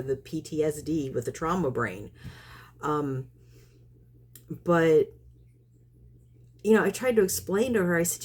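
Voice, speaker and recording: Chatty low-voiced woman vlogger. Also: a little mellow, slightly rough. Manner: chatty, rambling, laughs often. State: just back in from outdoors. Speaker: vlogger feeding neighborhood cats. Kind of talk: casual chat to camera.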